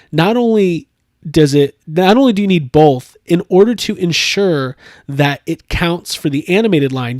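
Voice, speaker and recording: A man hosting a casual chat, rambling with lots of fillers and animated jumps in tone. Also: a little high, no echo, studio quality. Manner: rambling, animated, laughs often. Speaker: podcast host.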